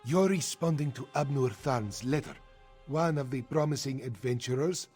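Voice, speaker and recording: An actor voicing a dignified, courteous male feline leader and military commander in a video game, with a husky voice. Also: mid-range voice, moderate pace, darkish tone, soft background music, lightly acted. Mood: formal. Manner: formal, courteous.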